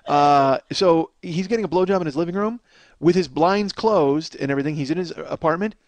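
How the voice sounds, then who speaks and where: Profane rambling comedian man, slightly high. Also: a little fast, no room sound. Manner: profane, rambling, self-mocking. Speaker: podcast host. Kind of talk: comedic monologue. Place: small apartment room.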